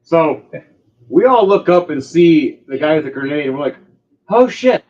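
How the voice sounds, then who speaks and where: A man narrating as game master of a tabletop game, lively and full of sound effects. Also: on the high side, moderate pace, lo-fi sound.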